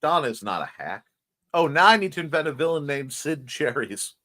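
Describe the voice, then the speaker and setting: A man's voice: a little high, expressive, fairly quick, sharp tone. A man hosting a casual livestream morning show, chatting playfully as he reads out and answers viewer comments. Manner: chatty and playful, jumping between topics.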